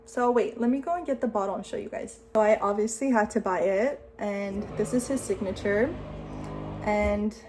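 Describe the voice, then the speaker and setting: A woman in her late twenties, a vlogger telling a story to the camera in a chatty, excitable way, saying "like" a lot. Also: medium pitch, moderate pace, soft background music. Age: 20s.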